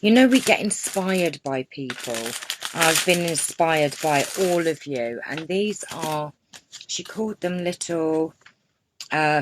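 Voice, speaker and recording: A woman's voice: low-pitched, a little hiss or hum. A woman hosting a casual crafting live stream, chatty and gushing, greeting viewers by name as she unboxes gifts. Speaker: crafting channel host.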